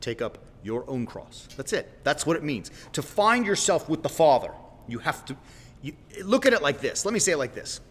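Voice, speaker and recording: With a husky, fairly bright, slightly high voice, very animated at a moderate pace, the host of a Christian livestream preaches in a folksy, direct manner. He rambles, repeats "right?", and frequently stops to correct himself with apologetic asides, his words echoing with long reverb in a roomy room.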